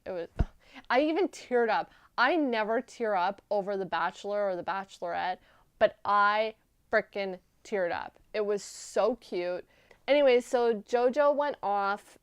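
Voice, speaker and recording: Gushing young woman with a smooth voice. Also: mid-range voice, unhurried, dry recording, studio quality. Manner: gushing, animated storytelling with many "like"s. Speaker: vlogger reviewing a TV episode. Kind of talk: casual chatty recap.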